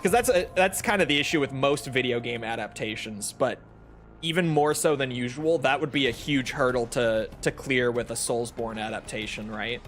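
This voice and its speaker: A man's voice: mid-range voice, normal speed, fairly bright tone, soft background music. A man giving casual gameplay commentary, chatty and rambling, often correcting himself mid-sentence. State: has the hiccups. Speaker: gaming streamer.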